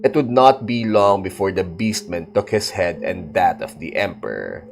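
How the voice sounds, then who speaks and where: Deep-voiced man reading fantasy. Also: moderate pace, vocal fry, faint music behind. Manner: steady dramatic storytelling. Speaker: narrator. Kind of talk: audiobook reading of fantasy fiction.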